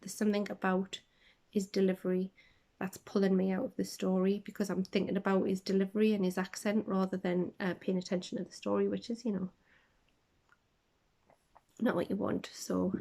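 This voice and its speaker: A woman hosting a casual podcast, rambling through book chat with lots of ums and tangents, sometimes dropping to a soft half-whisper, recorded on a phone. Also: mid-range voice, steady tone, moderate pace, creaky, pauses often. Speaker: podcast host. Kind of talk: casual chat about books.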